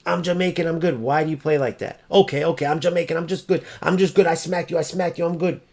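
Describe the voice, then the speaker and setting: Man mocking a cocky gamer, repetitive brag, slightly high and gravelly. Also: fairly even intonation, fast talker, a little mellow.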